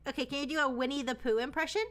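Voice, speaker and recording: A woman hosting a casual live stream, blunt and playful in her chat and quick to swear. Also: sits high, steady tone, fairly bright tone. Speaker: streamer host.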